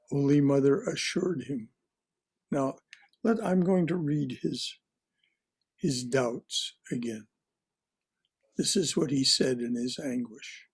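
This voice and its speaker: A man teaching a religious class, reading stories aloud slowly and deliberately and stopping to comment on them. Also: fairly high pitch, lively intonation, a little mellow, husky. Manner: slow, deliberate reading with repetitions and restarts. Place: online class.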